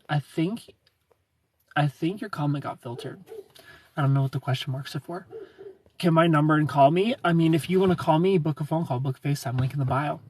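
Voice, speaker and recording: Relaxed man chatting on a livestream. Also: on the high side, far from the mic, slight background noise. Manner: greets viewers by name, relaxed and chatty. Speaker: livestream host. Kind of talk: casual livestream chat reading comments.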